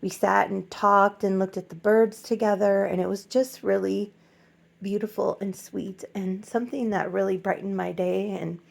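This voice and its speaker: A middle-aged woman chatting casually in a home vlog, soft-spoken and gently emotional, rambling with many fillers. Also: medium pitch, fairly even intonation, normal speed, vocal fry. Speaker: doll collector vlogger.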